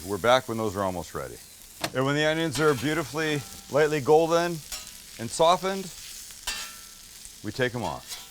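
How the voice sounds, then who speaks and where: A middle-aged man hosts a casual cooking demonstration at a kitchen flat-top, upbeat and jokey with some mild swearing. His voice sits at an ordinary middle pitch, and faint sizzling from the grill runs behind him. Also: noisy background. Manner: enthusiastic, joking, mildly profane. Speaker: cooking show host.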